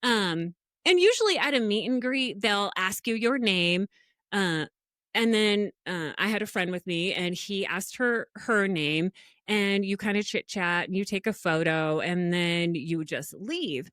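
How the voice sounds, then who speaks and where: A woman's voice: lowish voice, unhurried, dry recording, clean studio sound. A middle-aged woman co-hosting a podcast, telling stories animatedly in a casual chat and laughing often. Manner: animated storytelling with frequent laughs. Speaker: podcast co-host.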